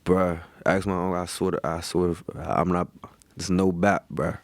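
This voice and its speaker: A man's voice: low voice, level tone, moderate pace, dry recording. A man in his thirties, a pro football player, chatting as a guest in laid-back slang and telling his story with lots of "you feel me" tags. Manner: acts out quoted voices animatedly. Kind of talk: casual storytelling chat.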